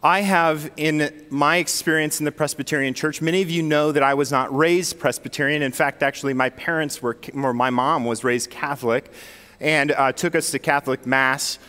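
A man's voice: a little high, fairly even intonation, moderate pace, pushed and bright, long reverb tail. A man preaching a sermon as pastor, telling a story in a conversational way. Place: church sanctuary.

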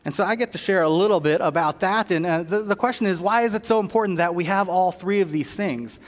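A man's voice: high voice, fast, big-room sound. A man preaching a sermon in a church, telling stories with many fillers and restarts. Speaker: pastor.

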